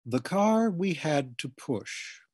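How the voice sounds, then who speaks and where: This is an audiobook reader, a man with a husky, animated delivery who takes his humorous memoir slowly and follows the script. The recording has no room sound. His family members' lines come out as loud, high shouts.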